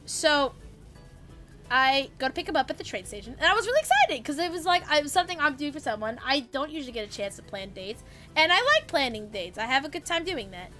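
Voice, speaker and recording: A young woman streamer telling a story in casual chat, animated, swearing freely and laughing as she goes. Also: high voice, quick pace, over music.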